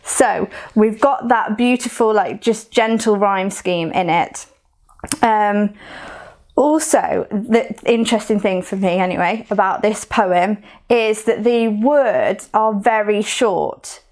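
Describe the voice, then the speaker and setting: Taking it slowly, this woman from Coventry, England, has a medium-pitched voice with a darkish tone and a Coventry English accent. She leads a recorded poetry lesson, explaining chattily with fillers and restarts.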